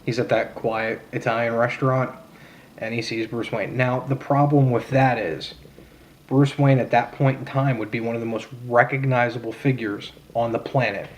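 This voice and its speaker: A man's voice: mid-range voice, steady tone, moderate pace, a little hiss or hum. A young man ranting casually about a film, blunt and sarcastic, swearing freely with many fillers and restarts. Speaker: vlogger reviewing a film. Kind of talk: casual rant.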